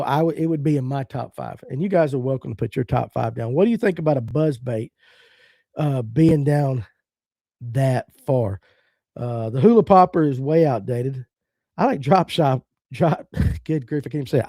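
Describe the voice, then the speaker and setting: A man's voice: on the high side, creaky, dark tone, dry recording, clean studio sound. A middle-aged man from the American South, hosting a fishing podcast in casual live-stream chat, blunt and opinionated as he reads out viewer comments.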